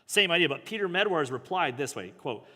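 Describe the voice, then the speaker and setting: A man's voice: a little high, expressive, fast talker, bright, forceful tone. A man, a pastor, reads passages from a book aloud and breaks off into casual, joking commentary and self-corrections. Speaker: pastor teaching a book study. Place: church hall. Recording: long hall reverb.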